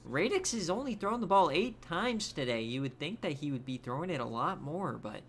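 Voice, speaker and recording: A man's voice: fairly high pitch, sing-song, normal speed, a bit bright, slight background noise. A man calling play-by-play on a streamed college football video game, chatty and upbeat with filler words. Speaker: play-by-play commentator. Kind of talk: casual video game commentary.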